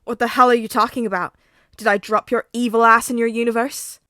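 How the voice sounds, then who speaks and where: A woman voicing a hot-tempered, foul-mouthed teenage boy who snarls and shouts. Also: fairly high pitch, steady tone, a little fast, no room sound, studio quality. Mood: angry.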